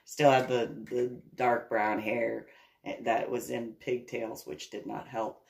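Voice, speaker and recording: A woman casually telling a long personal story in a rambling, animated way, with laughs and restarts along the way. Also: a bass voice, slow, vocal fry.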